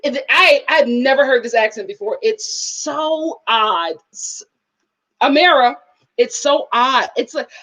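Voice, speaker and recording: Chatty woman reviewing TV, lively pitch. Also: a little slow, highs cut off. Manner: candid, chatty, bursts into laughter. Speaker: YouTube reviewer. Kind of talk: casual reality-show review.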